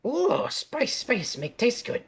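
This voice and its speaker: A man's voice: huge pitch swings, slow pace, vocal fry, slightly rough, exaggerated voice. A man voicing a simple-minded male lizardfolk adventurer who talks in broken phrases. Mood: eager. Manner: broken speech, squeaky.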